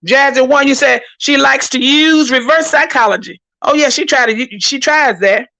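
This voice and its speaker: A woman's voice: sits high, moderate pace, bright, forceful tone. A woman host chatting casually on a livestream, reading viewer comments and speaking with emphatic repetition. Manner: talkative, emphatic, repeats herself for emphasis.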